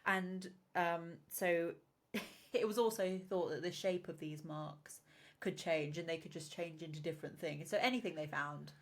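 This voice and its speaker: A woman's voice: on the low side, moderate pace. A woman co-hosting a podcast in casual chat, giggling often as she explains each point. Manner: giggly, explains topics with loose asides. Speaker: podcast co-host.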